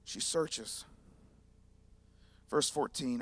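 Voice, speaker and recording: A man preaching a sermon, retelling scripture in an animated, conversational storytelling manner. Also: sits high, normal speed, no echo. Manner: animated storytelling, acting out scenes. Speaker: pastor.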